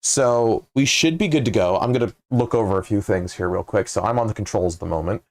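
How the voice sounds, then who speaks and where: A man's voice: fairly low pitch, a little fast, darkish tone. A man co-hosting a gaming stream, chatting casually, laughing often and swearing now and then. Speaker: co-host running the game controls.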